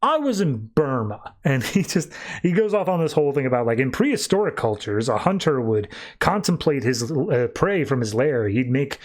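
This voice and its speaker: A man's voice: mid-range voice, expressive, moderate pace, hardly any pauses, darkish tone. A young man hosting a podcast, recapping comics casually and slipping into quoted voices. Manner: laid-back, lots of "like" and quoted voices. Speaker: podcast host.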